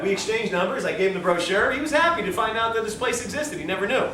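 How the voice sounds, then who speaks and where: A man's voice: high-pitched, expressive, fast, few pauses, noisy background. A man giving a lecture at a health institute, telling a story in a chatty, joking way full of self-mocking asides. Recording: echoey room, distant mic, faint ambience.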